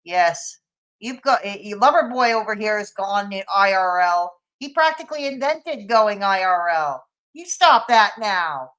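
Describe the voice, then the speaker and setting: A woman's voice: medium pitch, expressive, measured pace, a bit bright, rough recording. A woman hosting a reaction commentary, talking in a sarcastic, scolding way.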